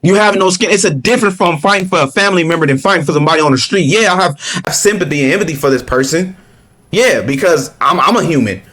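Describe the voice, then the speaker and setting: Male reaction commentator, heated and profane, high-pitched. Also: lively intonation, fast, a bit bright. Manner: blunt, profane, heated, lots of restarts. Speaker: political commentator reacting to a clip.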